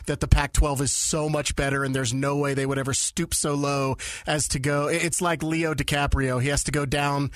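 Slightly higher-voiced guy on sports radio, snarky and laughing, dry close mic. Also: level tone, normal speed, a bit bright, no room sound. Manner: mocking, laughing, sarcastic. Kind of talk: casual sports radio banter.

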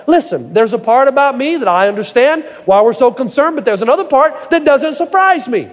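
A man's voice: very high voice, animated, brisk, few pauses. A middle-aged male pastor preaching a sermon, telling folksy stories with humor and building to emphatic points. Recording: echoey hall reverb.

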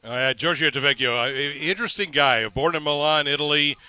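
Male sports host, fast and punchy, bright tone, dry close sound. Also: a little high, smooth, dry recording. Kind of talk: sports talk commentary.

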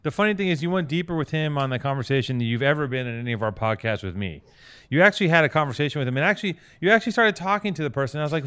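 A man with a smooth, clear voice pitched a little high, co-hosting a podcast. He needles his partner in an exasperated tone and swears freely as he talks. It is loose, casual banter. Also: animated, racing, a bit bright. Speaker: podcast co-host.

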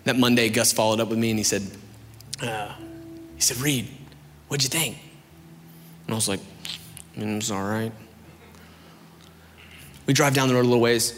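A young adult man giving a sermon testimony in a chatty, storytelling way with animated asides. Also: mid-range voice, moderate pace, pauses often, soft background music. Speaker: preacher. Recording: reverberant hall with faint ambience.

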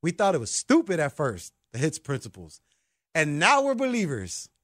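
A man hosting a sports talk show, excitable and emphatic like a hyped fan. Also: a little high, moderate pace, no echo, studio quality. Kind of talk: animated sports podcast talk.

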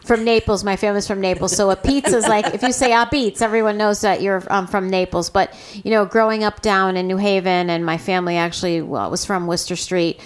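A woman's voice: medium pitch, fairly even intonation, a little fast, few pauses. A woman co-hosting a radio talk show, bubbly and enthusiastic, rambling with fillers. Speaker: radio co-host. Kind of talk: casual radio chat. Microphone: studio microphone.

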